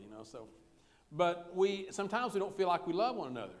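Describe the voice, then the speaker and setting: A man's voice: on the high side, animated, quick pace. A man pastor, preaching a sermon in a folksy, conversational way with humor.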